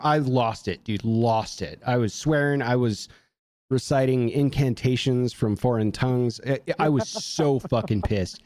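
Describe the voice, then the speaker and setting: A man on a podcast telling a story in casual chat, animated, swearing a lot and acting out what people said. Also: medium pitch, measured pace, dry recording, studio quality. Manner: animated, heavy swearing, acts out quotes. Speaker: podcast co-host.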